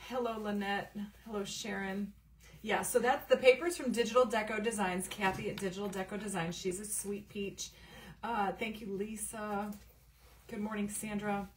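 A woman's voice: mid-range voice, fairly even intonation, moderate pace. A middle-aged woman hosting a casual crafting livestream. She chats along, greets viewers by name and drifts into rambling asides. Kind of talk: casual live crafting chat. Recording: slightly distant mic with faint room noise.

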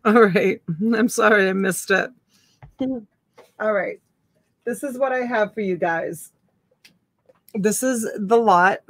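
A woman co-hosting a live auction stream, calmly showing items one by one. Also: mid-range voice, dry recording. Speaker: auction co-host. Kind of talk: live selling stream chat.

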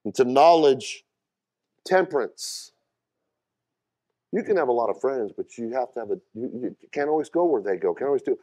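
Pastor, male, mid-pitched voice, emphatic preacher who puts questions to his congregation. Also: expressive, normal speed, long pauses. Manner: emphatic preaching with sudden loud high bursts and quieter asides; repeats words and calls out questions to the congregation. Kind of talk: sermon.

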